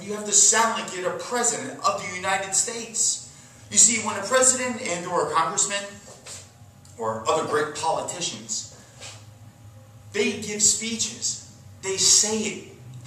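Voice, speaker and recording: A man's voice: high voice, sharp tone, recorded from a distance, a little hiss or hum. Emphatic man in a very echoey room. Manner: emphatic, dramatic shifts in tone and volume. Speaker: sales trainer. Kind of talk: sales training talk.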